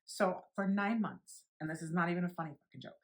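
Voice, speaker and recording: A woman's voice: on the low side, a little fast. A woman in her forties vlogging, telling a personal story candidly and bluntly, swearing freely and acting out what others said. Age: 40s. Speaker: beauty vlogger.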